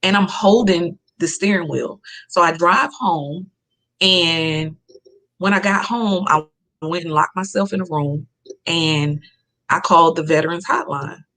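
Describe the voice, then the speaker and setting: A woman's voice: lowish voice, a little slow, fairly bright tone. A woman, a podcast guest telling a personal story in an earnest, emphatic way and repeating key phrases.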